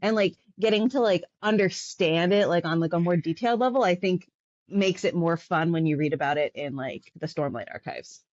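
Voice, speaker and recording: Low-voiced rambling woman, dull lo-fi sound. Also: normal speed, a little mellow, no room sound. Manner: rambling, filling with "like". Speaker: podcast guest. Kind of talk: casual chat.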